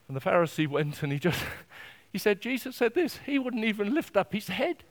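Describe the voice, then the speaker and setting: A man preaching a sermon, emphatic and repetitive, swinging from quiet to loud. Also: high voice, lively intonation, fairly quick, hardly any pauses.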